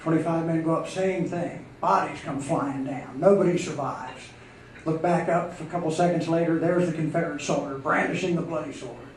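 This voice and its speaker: A man's voice: on the high side, fairly even intonation, moderate pace. A man tells jokes in a folksy way as comedian and emcee at a live club show. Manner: folksy storytelling with acted voices. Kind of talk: live stand-up joke telling. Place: live music club stage. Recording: echoey room, distant mic, faint noise.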